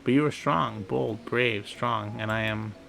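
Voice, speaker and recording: A man's voice: on the low side, a little slow, a bit bright, soft background music, exaggerated voice. A man playing a brash scornful sailor woman. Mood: blustering. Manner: blustering, rough-spoken.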